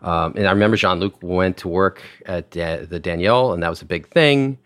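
Deep-voiced man rambling through old stories. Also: moderate pace, dry recording, studio quality. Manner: rambling, animated anecdotes with many fillers and restarts. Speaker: wine director telling restaurant stories. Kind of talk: casual podcast storytelling.

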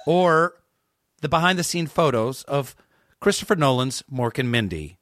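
A man guesting on a casual comedy podcast, pitching absurd jokes with a straight face. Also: expressive, normal speed, a bit bright.

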